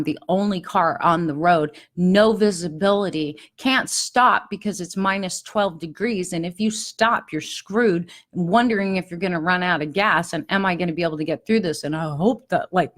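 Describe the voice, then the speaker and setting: A middle-aged woman hosting a podcast, giving an earnest, confiding personal spiritual talk. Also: on the low side. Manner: earnest, confiding, animated when recalling pleas. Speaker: podcast host.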